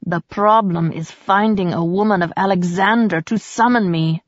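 A woman's voice: medium pitch, moderate pace, no room sound, dull audio, natural voice. A woman reading an audiobook, voicing a brooding, cursed immortal man who speaks tersely. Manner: terse, tense.

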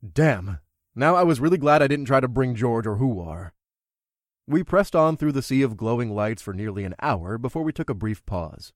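A man's voice: mid-range voice, expressive, moderate pace, dry recording, clean studio sound. Wry male fantasy audiobook narrator. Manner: wry, conversational. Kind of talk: first-person audiobook narration.

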